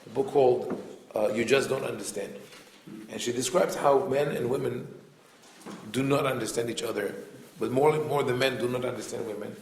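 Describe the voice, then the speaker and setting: Leading a Torah lesson, this rabbi has a medium-pitched voice with a gravelly edge, a darkish tone and fairly even intonation. His delivery is reflective, full of filler pauses and restarted phrases. Slight noise sits under the echo of the room.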